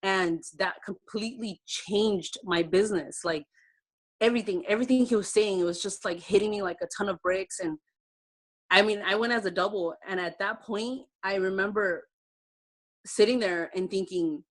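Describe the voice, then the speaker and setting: Speaking at a moderate pace and medium pitch, a direct-sales team leader opens up on a video call about her own path to success. She keeps it heartfelt and chatty, with plenty of fillers.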